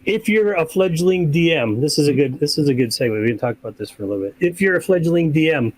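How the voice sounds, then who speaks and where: A man who runs tabletop games, talking casually on a podcast in a relaxed, rambling way and acting out examples. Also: on the high side, quick pace, poor audio. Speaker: game master.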